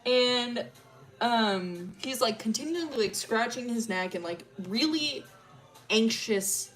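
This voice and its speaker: Young woman streamer, casual rambly lore retelling, swears a lot, higher voice. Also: lively intonation, slow pace, fairly bright tone, soft background music. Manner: rambling, swearing, filler-heavy.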